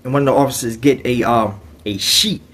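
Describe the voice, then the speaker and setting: A man's voice: mid-range voice, brisk, a bit bright. A man telling a story in casual, streetwise slang, with frequent conversational asides.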